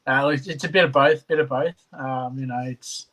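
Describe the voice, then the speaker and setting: A man's voice: mid-range voice, steady tone, moderate pace, crowd noise, poor audio. A young man in his twenties, a guest talking in an easygoing, modest way over a video call. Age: 20s. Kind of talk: casual chat.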